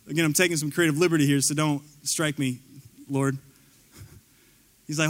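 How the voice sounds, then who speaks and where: A man preaching a sermon in a casual, conversational way, climbing to near-shouts and dropping to soft tones, with playful asides. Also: on the high side, normal speed, pauses often. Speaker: pastor.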